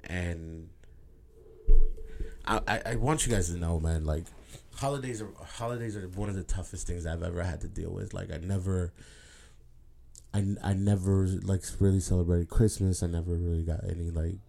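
A man's voice: low-pitched, steady tone, normal speed, gravelly, warm tone, slight background noise. A man talking candidly to his viewers in a rambling, emotional way, repeating words and swearing casually. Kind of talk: candid personal monologue.

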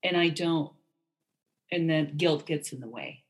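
A woman co-hosting a casual conversation, telling personal stories candidly and slipping into lively quoted voices. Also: low voice, a little slow. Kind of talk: casual chat.

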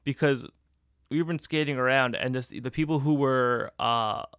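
A man's voice: medium pitch, steady tone, moderate pace, fairly bright tone, smooth, dry recording. Rambling, profane man, dry close sound. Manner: rambling, profane, laughs often. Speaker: podcast host. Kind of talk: casual solo podcast monologue.

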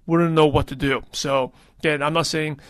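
A man in his thirties talks through a casual solo podcast in a fairly high voice. He rambles and restarts often and leans on fillers. The sound is dry and close, with no room around it. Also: fairly even intonation, moderate pace, fairly bright tone, no echo. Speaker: podcast host.

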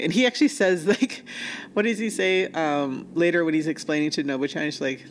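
A woman co-hosting a casual podcast chat about manga, animated, laughing often and acting out quotes. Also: sits low, fairly quick, a little hiss or hum. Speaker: podcast co-host.

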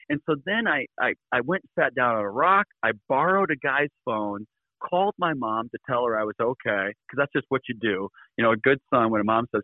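Animated male interview guest, dry phone-line voice at average pitch. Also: fairly quick, no echo. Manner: animated storyteller, laughs between lines. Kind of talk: storytelling in a radio interview.

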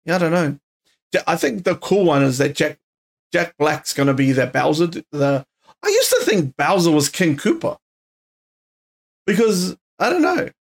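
A man's voice: a little high, big pitch swings, normal speed, vocal fry, long pauses. A tired man with a New Zealand accent talks into his podcast mic in a loose, rambling way. He swears freely and leans on slang and fillers as he drifts from one thought to the next. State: tired, yawning. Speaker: podcast host. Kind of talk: casual solo podcast chat. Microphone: podcast microphone.

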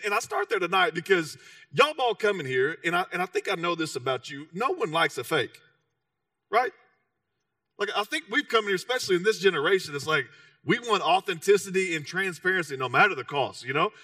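A man's voice: on the high side, pushed and bright, dry recording, studio quality, far from the mic. A man in his thirties from Texas with a Texan accent, preaching a sermon as a casual, self-mocking story full of "you know". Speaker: pastor.

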